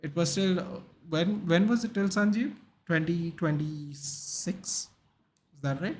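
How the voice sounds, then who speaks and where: Young man, casual live-stream host, slightly high voice, chatty, reads out stats and answers chat. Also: unhurried, a little mellow.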